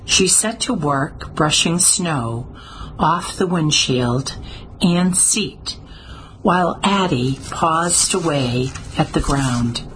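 A woman narrating a story in a steady, measured way, with small slips now and then. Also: low voice, a little hiss or hum, poor audio. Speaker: audiobook narrator. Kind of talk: scripted narration.

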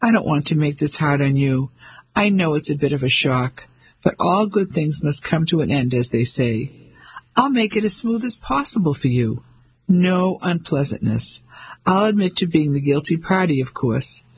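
A man performs a pompous, patronizing, blustering 55-year-old banker, using a very husky, gravelly voice pitched slightly high. The delivery is expressive and smooth in mood at a moderate pace, though the audio is poor.

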